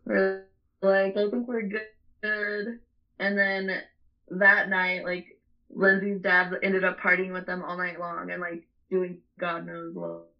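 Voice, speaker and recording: A woman's voice: on the low side, completely flat delivery, slow, gravelly, muffled recording. A young adult woman telling a story in casual chat, rambling and swearing, often breaking into laughter.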